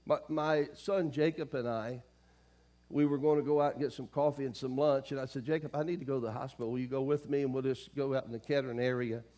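A middle-aged man preaching a sermon from the pulpit, calling out to his congregation and swinging from quiet storytelling to loud emphasis. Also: medium pitch, steady tone, fast talker. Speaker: pastor. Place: church sanctuary.

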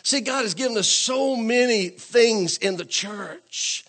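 High-voiced man preaching a sermon. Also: slow pace. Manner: call-and-response preaching, asks congregation to say amen; repetitive, emphatic, rising to louder declarations. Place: church.

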